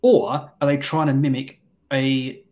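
Just a regular-pitched guy ranting about a movie, sweary and animated. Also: a little slow. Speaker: film review podcast host. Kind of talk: casual chat.

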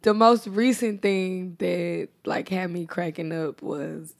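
A young woman co-hosting a podcast, chatting casually and telling animated stories with frequent laughter. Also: on the low side, takes it slowly, creaky. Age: young adult. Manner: animated storyteller, laughs often. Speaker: podcast co-host. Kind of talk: casual chat.

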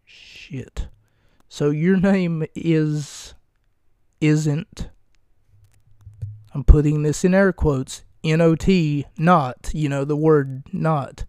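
A man hosting a solo podcast, talking slowly with a gravelly, creaky edge to his voice. His tone is mellow and a little higher than most men's. He rambles wryly, jokes at his own expense and swears freely, with a dry sound close to the mic. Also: fairly even intonation, no echo. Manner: wry, rambling, self-mocking and profane. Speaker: podcast host. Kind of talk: casual solo podcast recap and banter.

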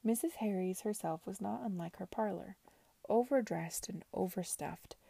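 A woman reading a novel aloud in a soft, half-whispered narration. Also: medium pitch, normal speed, vocal fry, husky, no room sound. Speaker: reader.

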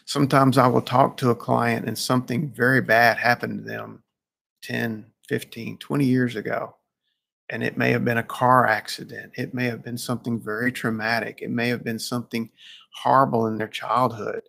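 A man's voice: medium pitch, little pitch movement, normal speed, creaky, a bit bright. A man who works as a counselor gives a reflective talk and tells a story, with frequent restarts.

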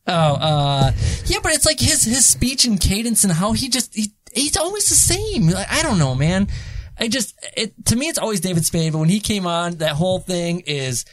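Podcast host, casual movie chat, rambling, lively pitch, dry close mic. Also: male voice, no room sound. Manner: rambling, halting with restarts, laughs often.

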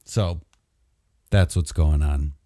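A man hosting a casual comedic web show, talking in an offhand, rambling, deadpan way. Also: a bass voice, takes it slowly, dry recording, clean studio sound. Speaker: host.

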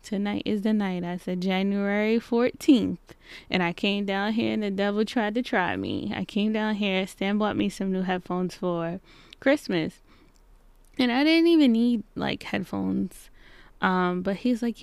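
A woman in her thirties hosting a casual solo podcast from her home basement, chatting and acting out little exchanges in lively voices. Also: mid-range voice, a little slow, gravelly, clear, resonant tone, dry recording. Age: 30s. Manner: chatty, acts out quoted exchanges in animated voices. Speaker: podcast host. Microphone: podcast microphone.

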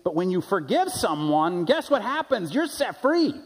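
Husky-voiced pastor preaching a sermon. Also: male voice, sits high, big pitch swings, normal speed. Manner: conversational storytelling, rising to emphatic preaching. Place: church sanctuary. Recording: long church-hall reverb.

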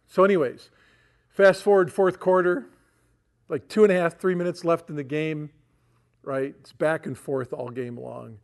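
Middle-aged male pastor, gravelly, folksy conversational preaching style. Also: fairly high pitch, fairly even intonation, normal speed. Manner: folksy, chatty with frequent "right?" asides. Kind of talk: sermon storytelling.

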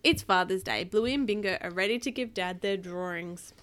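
A woman's voice: medium pitch, normal speed, a bit bright, a little hiss or hum. A woman reading a picture book aloud to her child, adding chatty asides.

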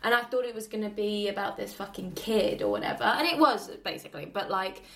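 A woman chatting casually about a film, animated and swearing freely as she acts out scenes. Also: mid-range voice, a little fast, gravelly. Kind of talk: casual film review chat.

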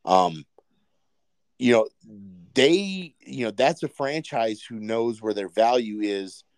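A man co-hosts a relaxed sports podcast, wandering through his points with frequent fillers and false starts. His voice sits at an ordinary middle pitch. The recording is dry and close, with no room sound. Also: takes it slowly, no echo. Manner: rambling, many fillers and restarts. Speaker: podcast co-host. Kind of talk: casual sports chat.

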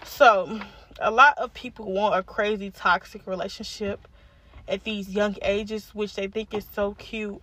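A woman's voice: medium pitch, fairly even intonation, measured pace, fairly bright tone, dry recording. A woman of about twenty hosting a podcast alone, ranting angrily and bluntly with heavy swearing. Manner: angry, profane, blunt. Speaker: podcast host. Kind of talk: casual solo rant.

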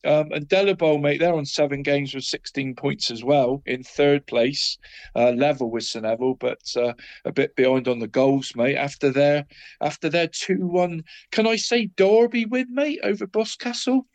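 A man's voice: a little high, moderate pace. A man co-hosting a local football podcast, chatting casually with many restarts and "mate" after nearly every phrase. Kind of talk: casual chat.

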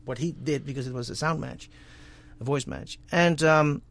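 Dutch-accented man, halting speech. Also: on the high side, gravelly, no echo. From Netherlands. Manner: halting, many restarts and repeated words. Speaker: guest voice actor. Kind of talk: casual interview chat.

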